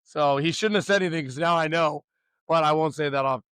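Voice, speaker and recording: Upbeat male pitching coach, slightly high voice, teasing, shouting cues, dry room. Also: brisk, clean tone, no room sound. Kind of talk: coaching a youth warm-up.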